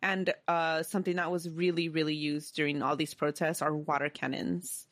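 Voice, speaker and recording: A woman with a lowish voice tells a story to her co-host in a relaxed, chatty way, filling pauses with ums and likes. The recording is dry and close, with no room sound. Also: no echo. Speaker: podcast co-host telling the story. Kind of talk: casual storytelling chat.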